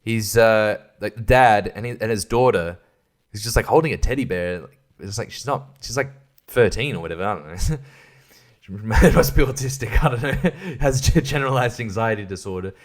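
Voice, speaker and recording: A man's voice: lowish voice, normal speed. A tired man hosting a solo podcast in a rambling, crude, profane way, laughing at his own jokes. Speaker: podcast host. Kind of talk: casual solo podcast chat.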